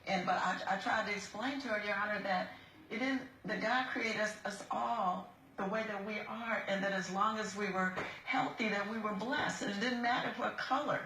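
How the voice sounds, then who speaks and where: A woman testifying to a judge as a defendant, speaking earnestly in halting, repeated starts. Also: mid-range voice, bright, forceful tone, a little hiss or hum. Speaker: defendant in a TV courtroom. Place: TV courtroom studio. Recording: roomy courtroom sound.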